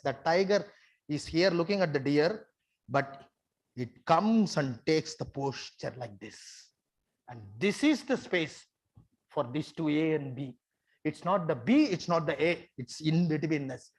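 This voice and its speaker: A theatre facilitator gives a conference talk. The speaker repeats phrases and coaxes the audience to take part. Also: mid-range voice.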